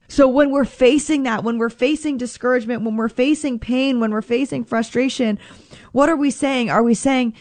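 A woman's voice: a little high, a little fast, a little mellow, no room sound. A woman preaching a sermon in an earnest, conversational way, acting out quoted prayers as she goes.

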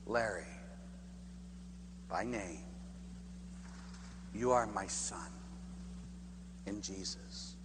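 A man voicing God the Father as a gentle, fatherly male voice, speaking softly in a sermon, in an echoey hall with a faint hum. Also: fairly low pitch, drawn-out words, pauses often, pitched below the performer's own voice. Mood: tender.

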